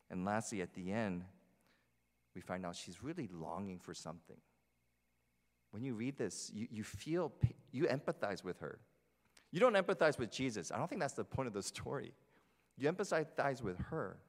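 In a reverberant sanctuary, a New Jersey pastor with an animated, lowish voice at moderate pace chats through a conversational sermon, asking the congregation questions. His words trail off into a long hall reverb.

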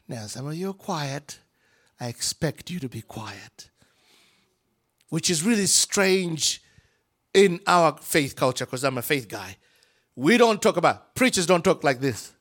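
A man preaching a sermon in a church with a Ugandan accent, swinging between shouts and whispers and acting out the people in his story. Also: fairly high pitch. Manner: animated, swings from shouting to whispering, acts out voices.

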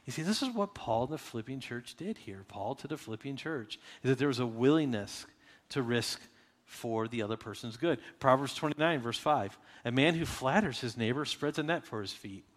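A man delivering a sermon from the pulpit with a middle-pitched voice. He keeps it conversational and slips into little quoted voices as he goes. His voice rings out with a long reverb, as in a large hall. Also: expressive, a little fast. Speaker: pastor.

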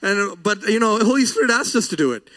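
A man with a strikingly high voice delivers a sermon. He is earnest and emotional, and his voice often breaks with feeling as he weaves a personal story into the message. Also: lively intonation, quick pace, fairly bright tone. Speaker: preacher.

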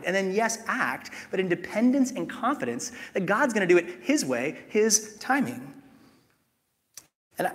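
A man preaching a sermon as pastor, animated and conversational with self-mocking humor, in a church sanctuary. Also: fairly high pitch. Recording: long hall reverb.

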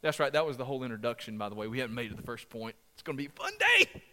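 A man's voice: mid-range voice, very fast, pushed and bright, in a large hall. A man preaching a sermon to a congregation, passionate and emphatic, with repeated phrases and asides that joke with the crowd. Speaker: pastor. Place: church sanctuary.

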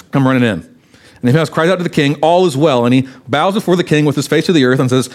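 A man's voice: medium pitch, darkish tone. A man, a pastor, preaching a sermon and reading scripture aloud expressively, acting out the quoted lines.

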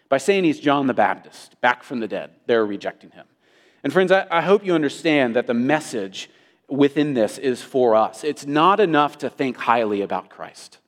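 Earnest male pastor mid-sermon, mid-pitched voice, echoing church hall. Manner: earnest preaching, repeats words when restarting. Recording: long reverb of a hall.

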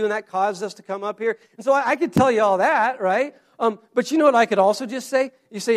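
A pastor giving a sermon in a conversational way, often restarting and repeating words. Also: male voice, high-pitched, a little fast, few pauses.

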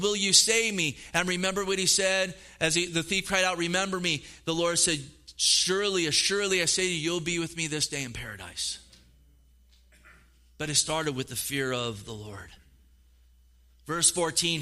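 This middle-aged man's voice sits high as he preaches a sermon with animation. As a pastor, he performs the quoted voices and keeps repeating words.

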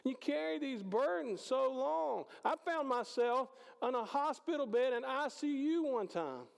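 A man preaching a conversational sermon, swinging between loud passages and hushed ones. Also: extremely high pitch, lively intonation, unhurried, creaky, clean tone. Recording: hall reverb.

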